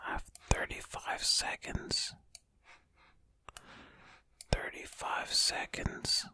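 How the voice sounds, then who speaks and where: A man's voice: very slow, bright, forceful tone. A man whispering ASMR commentary close to the microphone, fretfully muttering to himself as he plays. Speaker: ASMR creator.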